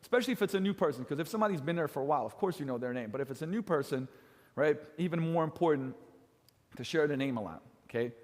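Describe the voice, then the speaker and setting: A middle-aged man in full coaching mode, teaching other trainers with a fairly high voice that he pushes up and drops down for effect. He leans on his points and keeps checking in with "right?" The sound carries a long reverb from a large hall. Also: lively intonation, rapid-fire. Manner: emphatic, swings pitch and loudness for effect, keeps asking "right?". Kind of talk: energetic coaching lecture.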